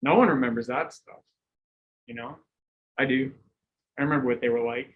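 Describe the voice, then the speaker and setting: A middle-aged man, a cycling coach, giving a lecture full of animated stories and acted-out quotes, laughing now and then. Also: mid-range voice, normal speed, narrow, tinny audio, a little hiss or hum. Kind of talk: lecture with anecdotes.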